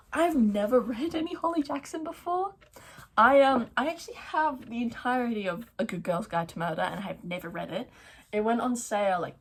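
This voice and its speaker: A young woman chatting excitedly about her month of reading on her book vlog, with lots of fillers. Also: medium pitch, slightly rough. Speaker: book vlogger. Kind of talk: casual reading wrap-up chat. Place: at home, neighbour's garden noise outside.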